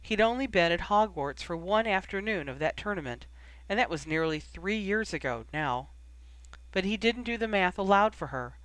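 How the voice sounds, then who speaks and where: A narrator reading a story aloud in a steady, even manner. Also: medium pitch, normal speed, no room sound, poor audio. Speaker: audiobook narrator. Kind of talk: scripted narration.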